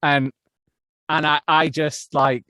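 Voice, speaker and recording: A man's voice: a little high, level tone, slow pace, pushed and bright, smooth, dry recording. A young man who narrates audiobooks, talking casually as a podcast guest and thinking aloud with frequent restarts. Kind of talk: casual interview chat.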